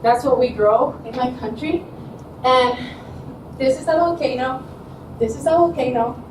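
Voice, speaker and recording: A woman's voice: high-pitched, measured pace, noisy background. A woman student giving a presentation at a showcase, telling stories with animation, often laughing and acting out what people said. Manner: animated storyteller, laughs often, acts out quotes. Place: presentation room. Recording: echoey room, mic from far off.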